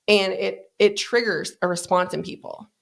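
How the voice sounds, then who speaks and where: A woman's voice: mid-range voice, fairly even intonation, moderate pace, creaky. A woman, a podcast guest speaking candidly and earnestly, with many "like"s and "you know"s. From American South. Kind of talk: candid conversational storytelling.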